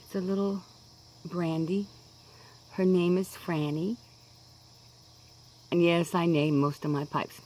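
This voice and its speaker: A woman's voice: on the low side, level tone, slow pace, pauses often, darkish tone, rough recording. Woman, 60s, Kansas accent, casual chatty vlogger who wanders off topic; recorded outdoors with faint insect noise. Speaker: pipe-smoking vlogger. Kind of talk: casual rambling monologue.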